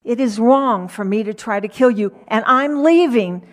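King Saul, a woman doing a halting, apologetic king. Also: fairly high pitch, lightly acted. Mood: remorseful. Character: aging male king, remorseful and humbled.

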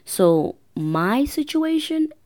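A woman's voice: high voice, sing-song, extremely slow, a little mellow. A woman hosting a podcast, telling her life story in a casual, rambling way that corrects itself as she goes. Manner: rambling, self-correcting, chatty. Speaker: podcast host.

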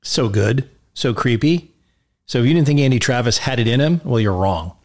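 A man's voice: medium pitch, lively intonation, normal speed, a little mellow. A male podcast host gives casual film commentary in a mid-range voice. He rambles enthusiastically and often restarts his sentences.

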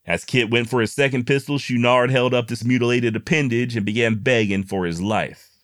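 A man's voice: mid-range voice, fairly even intonation, a little fast, dry recording, clean studio sound. A man telling a frontier history tale in a casual, folksy way with wry joking asides. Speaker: history storyteller, host.

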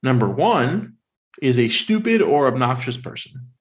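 A man co-hosting a casual podcast, rambling with lots of fillers and animated questions. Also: medium pitch, unhurried. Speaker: podcast co-host. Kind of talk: casual chat.

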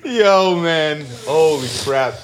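A man co-hosting a podcast in casual chat, excitable and laughing often. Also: on the high side, takes it slowly. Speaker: podcast co-host.

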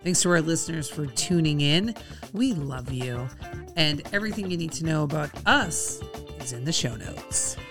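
A woman's voice: deep voice, lively intonation, music in the background. Chatty female podcast co-host. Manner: chatty, playful, quick to laugh. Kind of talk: casual podcast chat.

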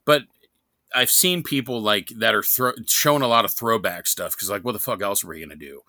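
A man's voice: on the low side, a little fast, pushed and bright, no room sound, studio quality. A man from New York, co-hosting a podcast in casual, joking, rambling chat with plenty of swearing. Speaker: podcast co-host.

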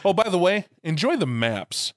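A man co-hosting a podcast, telling stories in lively, casual chat and swearing now and then. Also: sits high, moderate pace, no room sound, clean studio sound. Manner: animated storyteller, swears casually. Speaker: podcast co-host.

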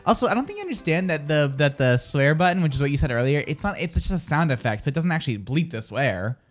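A man hosting live morning radio banter in a studio, teasing and animated, often leaping into high exclamations. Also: fast, faint music behind. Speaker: radio show host.

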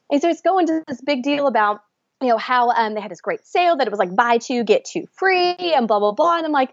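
Animated woman telling a story. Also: sits high, fast talker, no echo. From Georgia, US. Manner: animated, laughs often, acts out quotes. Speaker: podcast guest. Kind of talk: storytelling in a casual interview. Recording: dry, dull lo-fi sound.

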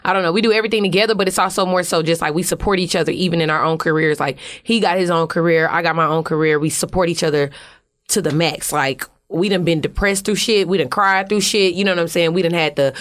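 A woman's voice: lowish voice, steady tone, fast. A young woman with an Atlanta accent telling stories in a casual interview, loose and slangy with frequent cursing. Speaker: guest actress and musician.

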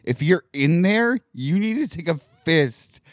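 A man's voice: on the high side, lively intonation, unhurried, no echo, studio quality. A man co-hosting a crude casual chat, cracking sarcastic jokes and chiming in on stories. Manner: sarcastic, wisecracking. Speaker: podcast co-host. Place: outdoors in the cold.

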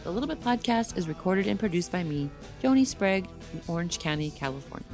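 A woman hosting her own podcast in a casual solo monologue, chatty and enthusiastic, talking straight to her listeners, her voice a little hoarse. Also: on the low side, animated, fast talker, darkish tone, faint music behind. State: slightly hoarse. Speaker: podcast host. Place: small home studio.

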